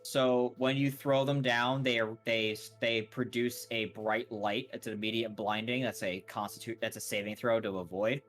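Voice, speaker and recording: A man's voice: mid-range voice, level tone, moderate pace, few pauses, fairly bright tone, soft background music. A man acting as game master, explaining rules and chatting loosely at the table. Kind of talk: casual tabletop game narration.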